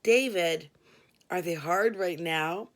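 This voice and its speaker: A woman's voice: fairly low pitch, slow. A woman doing a crude, pushy male caller. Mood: lewd. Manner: leering, pushy.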